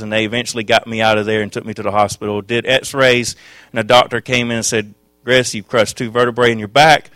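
Guy preaching his testimony, fired up then hushed, pretty dry sound. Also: medium pitch, no room sound. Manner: impassioned, swings from hushed to loud. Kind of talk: sermon testimony.

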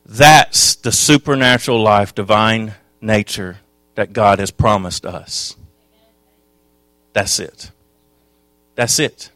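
A man preaching a sermon, telling his own testimony with passion, dropping to a hush and then rising loud. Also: lowish voice, slow, long pauses, dry recording. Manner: impassioned, swings from hushed to loud.

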